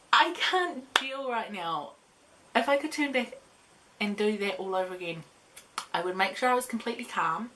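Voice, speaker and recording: A young woman gushes through a storytime vlog in her bedroom, her voice sitting at an ordinary middle pitch. She talks excitedly, giggling and now and then dropping to a whisper. A faint hiss sits under the recording. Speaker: vlogger.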